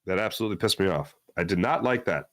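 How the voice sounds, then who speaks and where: A man hosting a sports talk show, ranting with strong opinions and swinging between low grumbles and loud outbursts. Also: lively intonation, fast talker, dry recording, studio quality. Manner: mocking put-on fan voice at times. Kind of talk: opinionated sports radio rant.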